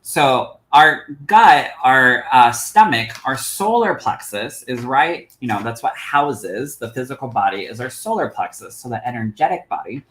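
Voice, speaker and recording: Speaking at a measured pace with few pauses, a man with a mid-range voice hosts a psychic-medium livestream, reading cards for viewers he fondly calls "my love." His manner is animated; the audio is roomy and poor.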